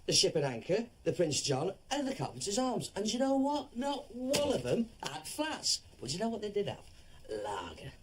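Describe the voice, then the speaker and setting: A drunk rambling friend. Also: male voice, high-pitched, huge pitch swings, moderate pace, noisy background. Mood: tipsy. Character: drunk, newly single man, rambling. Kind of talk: TV drama acting.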